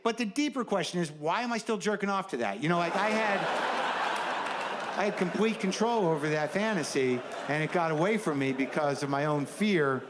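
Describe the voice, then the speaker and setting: A man's voice: high-pitched, expressive, normal speed, a crowd in the background, noisy background. A middle-aged man doing a stand-up comedy set, rambling and self-deprecating, full of nervous "you know" asides. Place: comedy stage before a live audience.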